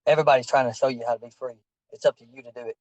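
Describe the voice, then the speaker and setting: A man's voice: mid-range voice, steady tone, rapid-fire, dry recording, highs cut off. Insistent, preachy man pressing hard. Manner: insistent, preachy, repeats himself. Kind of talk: heated confrontation over a call.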